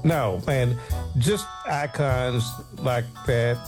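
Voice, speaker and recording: A man's voice: mid-range voice, very slow, over music. A middle-aged man co-hosting a radio show, chatty and opinionated as he tells stories. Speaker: radio co-host. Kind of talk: casual radio chat.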